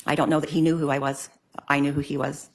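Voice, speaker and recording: A woman's voice: low voice, flat delivery, fast talker. An older woman giving court testimony, answering hesitantly with many ums. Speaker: witness in court.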